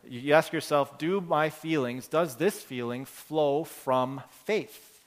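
Earnest pastor in a reverberant hall. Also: male voice, on the high side, slow pace. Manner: conversational, earnest, with restarts and everyday examples. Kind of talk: sermon.

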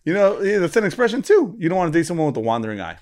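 Deadpan, teasing male podcast co-host. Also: fairly high pitch, very fast, no echo. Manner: deadpan teasing, mock-serious. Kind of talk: casual comedic chat.

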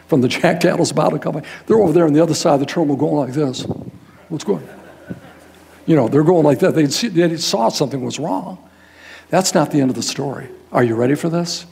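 An older man, a guest pastor, telling a story in a sermon in a folksy, animated way, acting out the people in it. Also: a little high, creaky, breathy edge. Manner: animated, folksy, quotes people in raised voices.

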